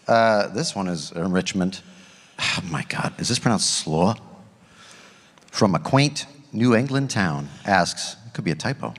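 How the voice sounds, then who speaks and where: A man's voice: low voice, lively intonation, unhurried. A man reading fan questions aloud and trading dry, wry quips at a live panel. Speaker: panel host. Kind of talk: casual panel banter. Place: convention hall stage. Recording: long hall reverb.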